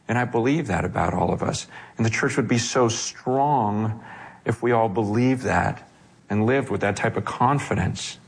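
Middle-aged male pastor delivering a sermon; animated, swings between quiet and fast, raised lines. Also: on the low side, vocal fry, slightly rough.

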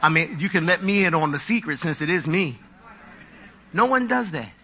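Man, pastor, live sermon, high voice, very bright and forceful, animated, joking asides. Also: moderate pace, husky. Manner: animated preaching with mocking asides and humor.

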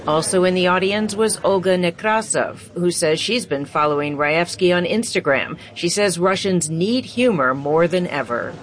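Woman radio news correspondent. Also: fairly low pitch. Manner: measured scripted delivery.

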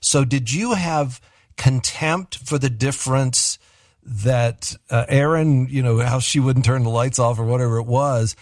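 A male interview host poses his questions haltingly, pausing and restarting as he looks for the right words. His voice is mid-pitched and recorded dry and close. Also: darkish tone, dry recording.

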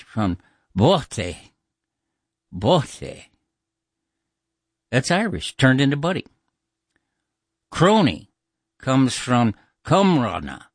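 A man's voice: medium pitch, no echo, studio quality. A man hosting a call-in radio show, chatting in a musing, informal way with many fillers.

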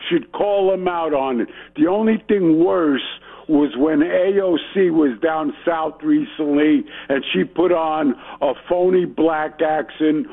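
A man from New calling in to a talk radio show, ranting indignantly. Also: fairly high pitch. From New York. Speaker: radio caller. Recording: tinny phone line.

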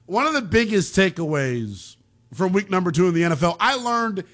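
A man hosting a call-in sports radio show, ranting in a slangy, animated way. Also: high-pitched, normal speed.

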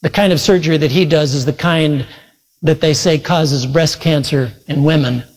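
A man's voice: on the high side, normal speed. A male preacher earnestly retelling a story in a sermon, quoting voices as he goes. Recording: long reverb from a large hall.

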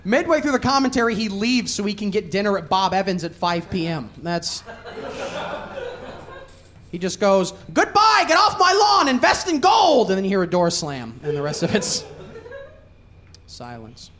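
A stand-up comedian telling jokes with deadpan setups and animated impressions. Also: medium pitch, moderate pace, long pauses. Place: comedy club stage.

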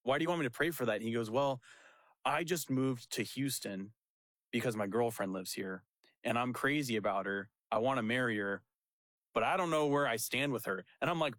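A young pastor tells a story in a loose, chatty way. He jumps into the other people's lines and laughs as he goes. His voice sits at a middle pitch and sounds dry and close to the mic. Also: normal speed, no room sound. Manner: animated, laughing storyteller who acts out quotes. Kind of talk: casual storytelling chat.

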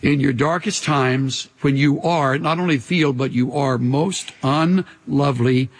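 A man preaching a sermon, earnest and unhurried, pausing often and dropping his voice almost to a whisper to make a point. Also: mid-range voice. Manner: earnest, pauses often, drops to near-whispers for emphasis. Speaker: pastor. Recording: long hall reverb.

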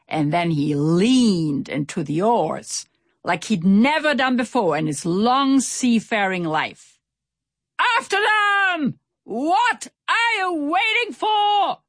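A woman reading a children's storybook aloud in an expressive, animated way. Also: fairly low pitch, slightly rough, no echo, studio quality. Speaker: narrator. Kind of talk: storybook narration.

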